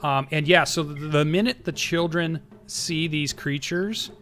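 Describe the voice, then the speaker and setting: A man's voice: a little high, unhurried, fairly bright tone. A man narrating as game master, easygoing and prompting players with questions.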